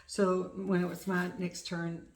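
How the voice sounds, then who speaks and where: A middle-aged woman from the United States, hosting a crafting vlog and chatting excitedly about her shopping. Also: on the low side, measured pace, a little hiss or hum. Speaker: flosstube host. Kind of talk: casual crafting vlog chat. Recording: echoey room.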